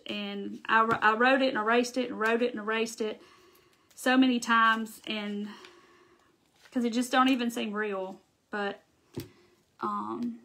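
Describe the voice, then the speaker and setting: Southern woman, middle-aged, high voice, chatty live-stream crafter who thanks viewers. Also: sharp tone. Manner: chatty, reads out and thanks viewers' comments while working. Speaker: craft livestream host. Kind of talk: casual live crafting chat.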